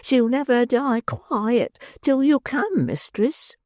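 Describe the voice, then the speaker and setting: Narrator doing a withered old pauper woman, high and slow. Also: very animated, darkish tone, no echo, studio quality. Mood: grim. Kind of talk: audiobook character voice.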